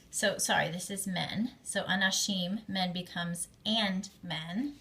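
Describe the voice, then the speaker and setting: Female teacher, bright and clear tone, patient lecture delivery with casual fillers. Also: fairly low pitch, slow pace, hardly any pauses. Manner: patient, explains step by step with fillers. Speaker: Hebrew teacher. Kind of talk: classroom grammar lecture.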